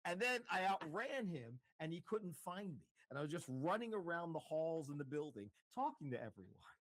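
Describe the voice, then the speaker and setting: A man's voice: fairly high pitch, normal speed, dry recording. A middle-aged man, a radio host, telling a story in casual conversation and acting out the dialogue with laughs. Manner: animated, acts out dialogue with laughs. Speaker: radio host, interview guest.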